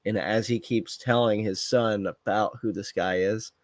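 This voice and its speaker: A man co-hosting a casual movie review chat, talking in a relaxed, measured way with thoughtful pauses. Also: fairly low pitch, no echo. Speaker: podcast co-host.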